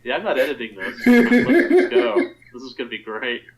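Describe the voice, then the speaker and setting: A man's voice: mid-range voice, wildly swooping pitch, moderate pace, a crowd in the background. A man co-hosting a podcast, joking around in casual chat with mock-announcer flourishes. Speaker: podcast co-host and editor. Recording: slightly tinny podcast audio.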